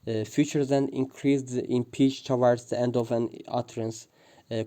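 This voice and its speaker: A man reads a prepared linguistics presentation, pausing often with "uh" and restarting words. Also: mid-range voice, warm tone. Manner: hesitant, frequent "uh" fillers and restarts. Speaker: student presenter.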